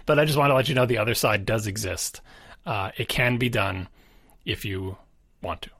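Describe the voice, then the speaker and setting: Bright-voiced man in animated tech chat. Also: moderate pace, husky, no echo, studio quality. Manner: animated, emphatic, pitch swings up on stressed words. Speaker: podcast co-host.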